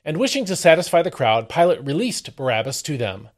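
A man hosting a daily devotional, reading a Bible passage aloud and then explaining it, with expressive emphasis on the quoted lines. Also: on the high side, a little fast. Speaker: devotional host. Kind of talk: scripture reading and devotional commentary.

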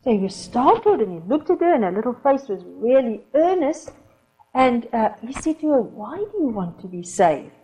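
High lively woman telling a sermon story. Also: normal speed, husky, poor audio. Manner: lively storyteller, soft whispers for quoted child, occasional laughs. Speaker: preacher.

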